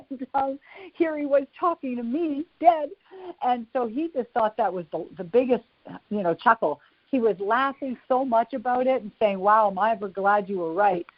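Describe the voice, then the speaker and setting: A woman guest in an interview telling stories in a lively, animated way. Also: a little high, moderate pace, dry recording. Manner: lively storyteller, animated and laughing. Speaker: psychic-medium guest. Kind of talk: storytelling in an interview. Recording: dull lo-fi dry sound.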